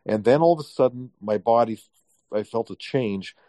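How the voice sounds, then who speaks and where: A man being interviewed, telling a long story in a casual, animated way and acting out what people said. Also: medium pitch, normal speed, no room sound, studio quality. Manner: animated, acts out quotes with raised voice. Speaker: guest.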